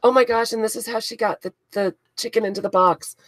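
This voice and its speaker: A woman's voice: fairly high pitch, fairly even intonation, fast, no echo. A woman hosting a craft live stream, chatting casually with viewers and gushing with frequent giggles. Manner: giggly, gushing, reads out chat names.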